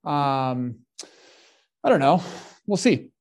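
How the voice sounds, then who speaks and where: A man's voice: medium pitch, very animated, slow pace, darkish tone. A man co-hosting a podcast, thoughtful and affirming, who often searches for his words. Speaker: podcast co-host. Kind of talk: casual conversation.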